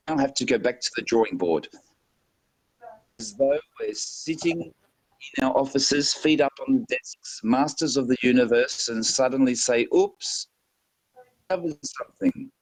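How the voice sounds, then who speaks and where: A man's voice: mid-range voice, normal speed, no echo, poor audio. A man in a casual online hangout, reading quotes aloud and mocking them with sarcastic asides. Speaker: hangout participant.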